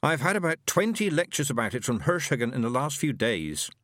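A man's voice: medium pitch, big pitch swings, fairly quick, a bit bright, no room sound, clean studio sound, voice pushed up. A man voicing a nervous, bewildered young man who speaks in a hesitant, stammering way. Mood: unsure. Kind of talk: audiobook character reading.

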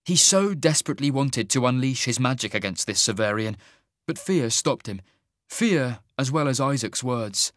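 A man narrating a fantasy audiobook in a measured, even storytelling manner. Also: medium pitch, dry recording, studio quality.

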